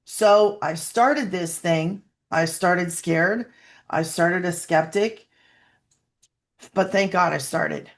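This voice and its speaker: A woman's voice: on the low side, slow pace. A woman, a guest in an interview, telling her personal story in an earnest, emotional way, close to tears at times, with many fillers and restarts.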